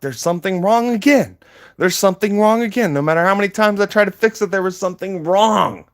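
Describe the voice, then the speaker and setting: A man's voice: medium pitch, a bit bright, dry recording, clean studio sound. A man livestreaming, ranting heatedly at his chat with constant swearing and emphatic repetition.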